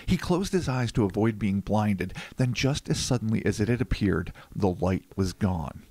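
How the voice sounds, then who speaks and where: A man's voice: on the low side, animated, moderate pace, mellow, no echo. A man hosting a podcast, reading case narration and riffing in a casual, profane, joking way. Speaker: podcast host.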